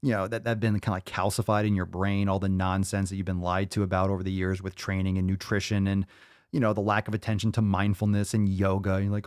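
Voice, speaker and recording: Male podcast host, lowish voice, dry studio sound, loud profane ranting delivery. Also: steady tone, fast talker, no room sound. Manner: profane, loud, hyped rants.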